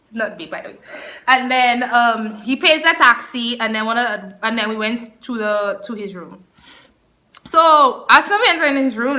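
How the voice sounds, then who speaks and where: A woman in her twenties telling an animated story in a casual vlog. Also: on the high side. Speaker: vlogger.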